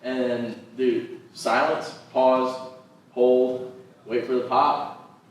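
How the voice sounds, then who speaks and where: A man's voice: medium pitch, fairly even intonation, drawn-out words, distant mic. Profane storytelling man in echoey room. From Latin American heritage. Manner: profane, storytelling, acts out crowd voices. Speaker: podcast co-host, comedian. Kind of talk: casual chat.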